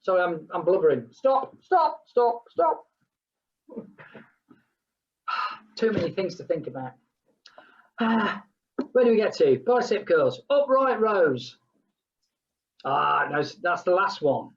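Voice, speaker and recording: A woman's voice: fairly low pitch, big pitch swings, takes it slowly, long pauses, muffled recording. A woman leading a group exercise class, chatting between count-downs and humming playful sounds. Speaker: fitness instructor.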